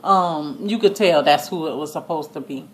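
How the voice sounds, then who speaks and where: A woman giving a casual, animated recap of a TV episode, acting out the lines as she goes and shrieking with laughter at the twists. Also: low voice, moderate pace, slight background noise. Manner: gives each line of dialogue in passing. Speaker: TV recap vlogger.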